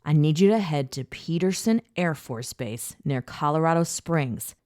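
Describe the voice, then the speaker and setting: A man's voice: fairly high pitch, lively intonation, a little mellow, no echo, clean studio sound. A woman doing a clipped, urgent brother on the phone. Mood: urgent, commanding. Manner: rushed and clipped. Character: urgent curt young man on a phone.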